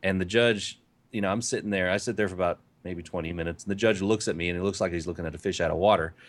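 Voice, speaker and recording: A man's voice: low voice, steady tone, quick pace. A man from the United States co-hosting a casual podcast, telling stories in a rambling, hesitant way full of fillers. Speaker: podcast co-host.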